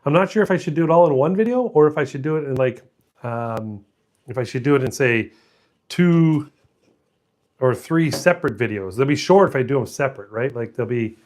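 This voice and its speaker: A man's voice: medium pitch, lively intonation, a little fast, a little mellow. A middle-aged man hosting his own channel, telling a story in a rambling, self-mocking way, laughing often and restarting sentences. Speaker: channel host. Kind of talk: casual storytelling monologue.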